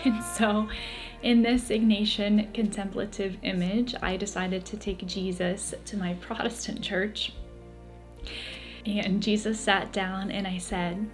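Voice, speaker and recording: A woman sharing a heartfelt personal testimony in an earnest, emotional way. She repeats phrases as the story builds. Soft music plays faintly behind her. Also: mid-range voice, fairly even intonation, slow pace. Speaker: Catholic convert telling her story.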